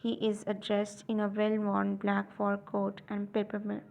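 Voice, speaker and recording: A woman's voice: mid-range voice, monotone, a little slow, creaky, darkish tone. A woman reading a stage play aloud for learners, including its stage directions, with small slips. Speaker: audiobook reader.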